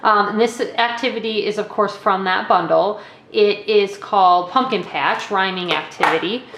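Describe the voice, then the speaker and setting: A woman's voice: medium pitch, moderate pace, fairly bright tone. A woman teacher casually demonstrating classroom learning activities at a table, explaining step by step and checking in with "okay" and "all right". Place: indoors at a table. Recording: echoey room with faint noise.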